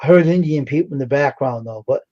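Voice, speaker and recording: A man's voice: mid-range voice, quick pace, warm tone, dull audio. A man chatting casually on a live stream, retelling a story with lots of repetition. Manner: repetitive, plain-spoken storyteller.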